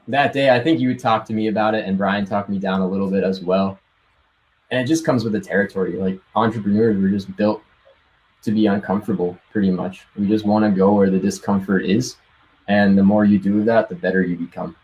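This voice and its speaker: A young man with a lowish voice tells his story in a loose, excited rush, laughing often and dropping casual swears. He sounds like he's chatting on a live call with friends. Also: fairly quick, rough recording. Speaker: guest sharing success story.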